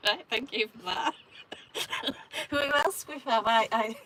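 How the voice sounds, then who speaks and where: A woman's voice: a little high, slow, background noise. A woman with an English accent hosting a show, telling stories in casual chat and reading viewer comments aloud. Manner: animated storyteller, reads viewer comments aloud. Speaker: show host.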